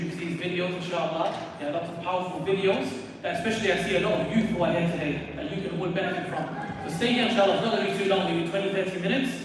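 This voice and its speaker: Quick-talking man announcing in an echoey hall. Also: fairly high pitch. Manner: loose, peppered with religious phrases. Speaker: event host introducing the speaker. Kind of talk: casual announcement. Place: mosque prayer hall. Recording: echoey hall from far off with noise.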